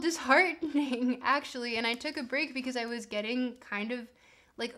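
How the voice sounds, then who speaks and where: A woman's voice: a little high, a bit bright. A woman from Canada chatting casually on a live stream, rambling through tangents and swearing freely as she answers chat.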